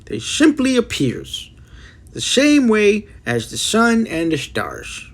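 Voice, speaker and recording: A man's voice: huge pitch swings, slow, full character voice. A man doing a very old kindly giant. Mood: rambling. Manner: mangled grammar, booming cries.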